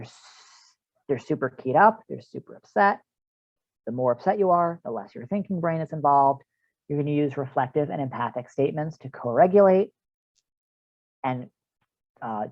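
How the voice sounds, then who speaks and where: Over a video call, a counselor leads a practical training talk for parents, chatting conversationally with lots of fillers. His voice is medium-pitched and a little mellow, and the recording is dull and dry.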